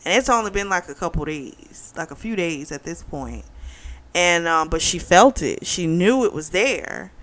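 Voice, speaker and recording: A young woman hosting a book club video, retelling a plot in a chatty, animated way with frequent laughs and fillers. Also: fairly low pitch, normal speed.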